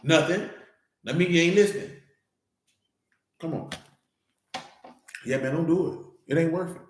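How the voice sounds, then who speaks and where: In a reverberant church, a man with a fairly high voice teaches informally, a little slowly, speaking straight to the congregation in an emphatic, conversational manner.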